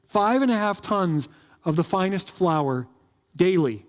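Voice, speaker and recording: A man's voice: high-pitched, expressive. Joking man preaching in an echoing church. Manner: casual and joking, with quick asides. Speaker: pastor. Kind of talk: conversational sermon. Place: church sanctuary.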